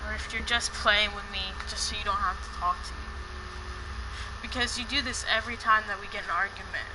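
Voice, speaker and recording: A woman's voice: medium pitch, background noise. A woman in a heated personal argument on a call, talking in an upset, repetitive way and swearing.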